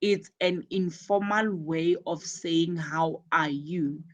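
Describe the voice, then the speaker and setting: A woman teaching an English lesson, repeating example phrases slowly and carefully. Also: on the low side, dull audio. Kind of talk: English lesson explaining conversation.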